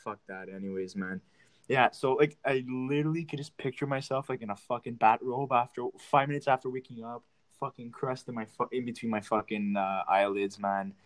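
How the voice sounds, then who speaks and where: A man's voice: medium pitch, a little fast. A young man hosting his own show, telling rambling, profane stories in a casual chat. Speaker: podcast host.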